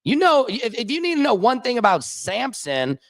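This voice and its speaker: A man's voice: very high-pitched, huge pitch swings, normal speed, a bit bright, dry recording. A man hosting a casual livestream, telling rambling anecdotes full of fillers and asides. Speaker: host. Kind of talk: casual livestream chat and storytelling.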